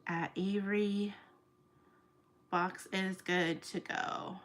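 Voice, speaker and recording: Woman, casual vlogger, chatty and self-deprecating, mid pitch, noisy home recording. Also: level tone, slow. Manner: chatty, self-mocking, counting aloud while packing. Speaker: small online shop owner. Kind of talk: casual vlog chat to viewers.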